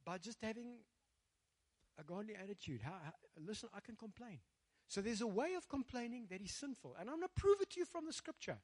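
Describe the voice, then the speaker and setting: Lively, high-voiced South African preacher. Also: male voice, brisk. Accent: South African English. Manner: energetic, rousing the congregation, mixing in Afrikaans phrases. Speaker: pastor. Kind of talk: sermon.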